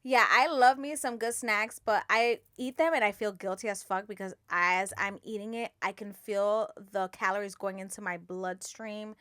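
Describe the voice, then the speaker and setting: A woman co-hosting a podcast in relaxed, joking chat, cursing freely. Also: medium pitch, moderate pace, few pauses, smooth, no echo, clean studio sound. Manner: laid-back and joking, swears freely. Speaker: podcast co-host. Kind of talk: casual chat.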